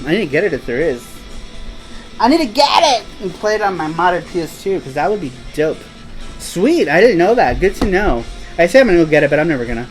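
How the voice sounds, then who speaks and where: A man's voice: high-pitched, lively intonation, brisk, faint music behind, poor audio. A man hosting a casual live stream, chatting in a rambling, laid-back way and laughing easily. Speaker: host.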